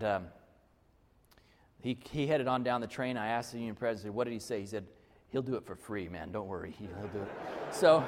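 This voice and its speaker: A male pastor preaching a conversational, story-led sermon full of restarts. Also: mid-range voice. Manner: conversational, with many restarts and fillers. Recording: long reverb of a large hall.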